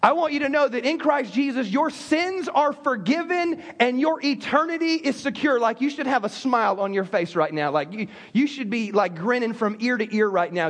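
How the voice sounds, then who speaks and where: A man preaching a sermon as pastor, telling a joke and then teaching, with animated delivery and frequent stammered restarts. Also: sits high.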